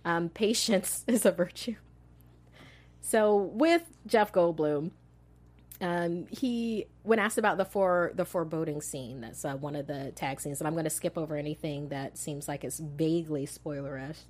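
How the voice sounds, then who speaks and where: A woman's voice: deep voice, normal speed, darkish tone. A woman hosting a casual movie news chat, bubbly and giggly as she talks. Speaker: host.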